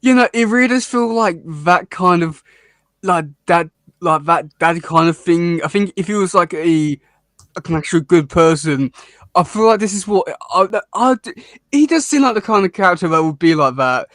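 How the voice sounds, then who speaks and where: A man co-hosting a casual episode review chat, talking in halting bursts with many restarts and fillers and laughing often. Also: high voice, expressive, fairly bright tone, no room sound, studio quality. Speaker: podcast co-host reviewing a cartoon episode.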